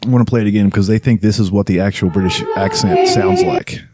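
A man's voice: on the low side, wildly swooping pitch, quick pace, very noisy. A man co-hosting a podcast, bantering bluntly and crudely. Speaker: podcast co-host. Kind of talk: casual chat.

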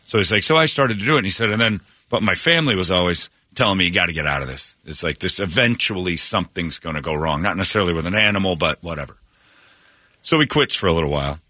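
A man's voice: deep voice, lively intonation, fast, sharp tone, no echo, clean studio sound. A man hosting a morning radio show, animatedly retelling a story with quoted voices and many restarts. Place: radio studio. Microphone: studio microphone.

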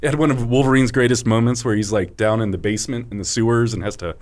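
A man's voice: medium pitch, steady tone, fast. A man co-hosting a movie podcast, talking casually and eagerly about the comic storylines. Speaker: podcast co-host.

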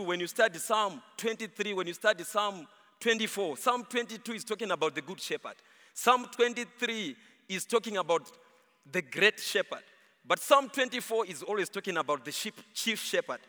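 A high, bright male voice preaching in a church, swinging widely in pitch and sometimes half-singing his points. The sound rings with the long reverb of a large hall. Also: moderate pace. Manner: animated, rises and falls, half-sung emphasis. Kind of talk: sermon.

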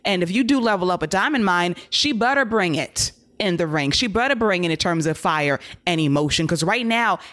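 A woman's voice: on the low side, lively intonation, brisk, fairly bright tone. A woman on a wrestling discussion panel giving blunt, critical opinions with a dry wit.

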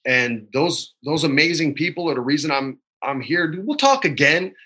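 A man's voice: on the high side, expressive, normal speed, pushed and bright. A man in his forties, a guest in a casual interview from his home, laid-back, often saying man and dude, and choked up at times while telling stories. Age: 40s. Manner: emotional, choked up while storytelling. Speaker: actor guest.

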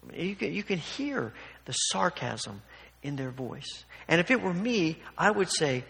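Male pastor, conversational and emphatic sermon, higher-pitched voice. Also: very animated, measured pace, creaky, sharp tone. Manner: conversational, emphatic, acts out quotes. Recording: long hall reverb.

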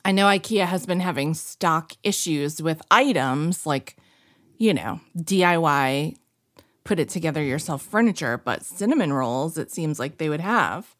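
Woman on a video call, dry wry humor, lowish voice. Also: lively intonation, unhurried, fairly bright tone, no room sound. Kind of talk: casual chat.

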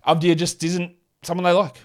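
A man's voice: high-pitched, level tone, brisk, darkish tone. A man hosting a solo fantasy basketball podcast, blunt and sarcastic, cursing casually as he runs through stats and reads an ad. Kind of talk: solo sports podcast with ad read.

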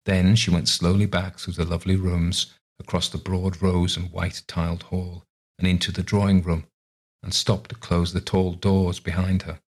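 A man reading a short story aloud in a calm, measured narration. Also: deep voice, husky. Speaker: reader. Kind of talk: scripted narration.

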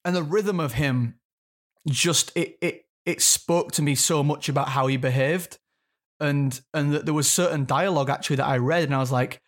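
Speaking at normal speed in a voice on the high side, a man in his thirties answers interview questions as an actor guest. He's reflective and sometimes gropes for the right words.

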